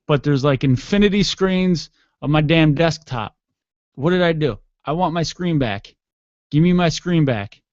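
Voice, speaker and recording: Sleepy and yawning, this solo internet radio host chats casually from a home studio room, wandering off on tangents with jokes and light swearing. His voice sits fairly high, picked up by a desk mic with headphones; there's no echo, but the audio is dull.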